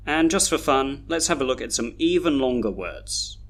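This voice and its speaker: A man teaching pronunciation in a scripted video lesson, saying each example word slowly and carefully, twice. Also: mid-range voice, expressive, a bit bright. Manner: slow, careful modelling of words, each said twice.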